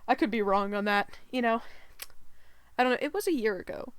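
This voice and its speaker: Giggly, high, smooth-voiced woman vlogger. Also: animated, fairly quick, no room sound. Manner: giggly, rambling, many fillers. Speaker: gaming channel host. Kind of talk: casual storytime vlog.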